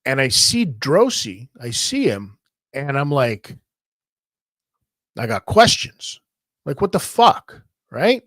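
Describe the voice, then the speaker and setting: A man telling a long story in a casual, profane, animated way, often repeating himself. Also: medium pitch, slow, long pauses, dry recording, studio quality. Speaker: podcast host telling a wrestling story.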